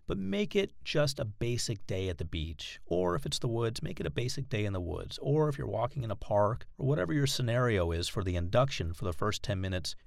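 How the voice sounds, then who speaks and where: A man calmly explaining, step by step, how to record a self-hypnosis session. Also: fairly low pitch, creaky, dry recording, studio quality. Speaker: hypnotherapy instructor. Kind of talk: instructional talk.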